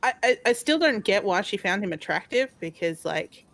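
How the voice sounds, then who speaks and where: A woman's voice: medium pitch, lively intonation, normal speed, a bit bright. A woman streaming a retro game, chatting and telling rambling stories. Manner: rambling, chatty storytelling with fillers. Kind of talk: casual chat.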